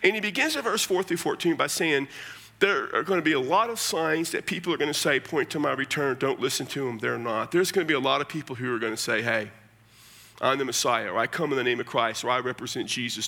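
An American man preaching a sermon, explaining scripture in an animated, conversational way with casual asides. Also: mid-range voice, fast talker. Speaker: pastor.

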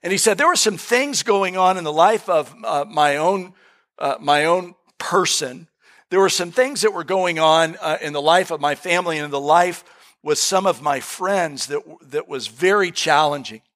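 Folksy middle-aged male pastor, slightly high voice. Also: normal speed, a bit bright. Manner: conversational, folksy storytelling with fillers. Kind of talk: sermon. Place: church service room.

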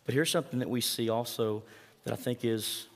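A man's voice: medium pitch, fairly quick. Preaching man, echoing in a hall. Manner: conversational preaching, asks the congregation questions. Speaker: pastor. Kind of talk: sermon. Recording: long hall reverb.

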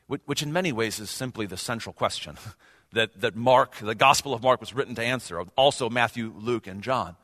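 A man's voice: medium pitch, a little fast, a bit bright. A male pastor preaching a sermon earnestly, with rhetorical questions and rising emphasis. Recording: long hall reverb.

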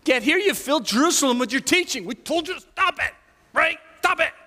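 A man doing a whiny, accusing high priest. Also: expressive, a little fast, pushed and bright, full character voice. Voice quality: whiny, childish. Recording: long hall reverb.

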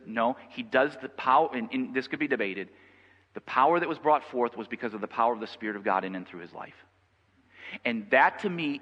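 A man preaching a sermon as pastor, conversational and repeating himself, rising to loud passionate stretches. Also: medium pitch. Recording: long reverb, dull lo-fi sound.

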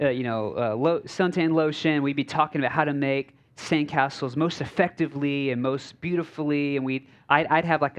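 A man preaching as a pastor in a relaxed, conversational sermon from a church stage. He jokes, uses many fillers and keeps checking in with the crowd. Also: mid-range voice. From United States.

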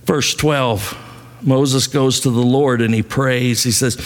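A man's voice: medium pitch, measured pace, gravelly, fairly bright tone, long reverb tail. A male pastor preaching a sermon, asking the congregation to repeat lines after him.

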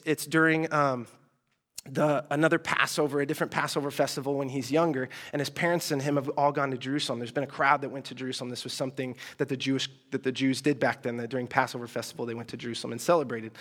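A man's voice: on the high side, a bit bright. Slangy, chatty young-sounding preacher man. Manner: chatty and slangy, with asides and mock exasperation. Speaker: preacher teaching a group. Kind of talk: casual storytelling sermon.

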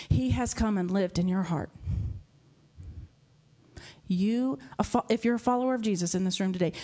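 A woman preaching a sermon to a congregation in a church, animated and laughing often. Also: mid-range voice. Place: church hall with live audience.

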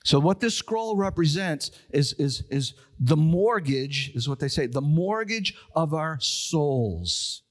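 Animated, dramatic male pastor preaching. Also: slow pace, few pauses. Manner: dramatic, swings between low solemn scripture reading and rising urgent exhortation. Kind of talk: sermon. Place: church sanctuary.

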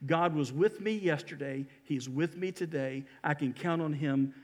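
A male pastor with a high-pitched voice preaches with animated, emphatic storytelling. He leans hard on key phrases and speaks from inside a church building. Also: unhurried, long reverb tail. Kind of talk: sermon.

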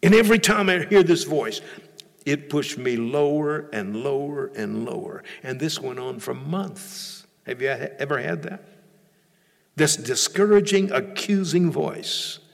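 A man's voice: mid-range voice, vocal fry, big-room sound. A male pastor preaching a sermon in a church, emphatic, often repeating and restarting phrases.

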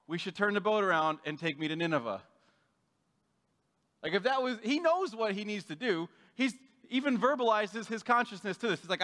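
A pastor with a high-pitched, fairly bright voice preaches briskly in a casual, conversational way, acting out the voices of people in his story. The sound has a big-room quality.

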